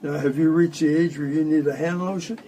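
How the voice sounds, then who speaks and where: A man's voice: on the high side, steady tone, fairly quick, warm tone, a little hiss or hum, rough recording. A man in his eighties, a magician, chatting at home and telling rambling jokes between tricks. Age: 80s. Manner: joking, rambling storyteller. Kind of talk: casual chat with demonstrations.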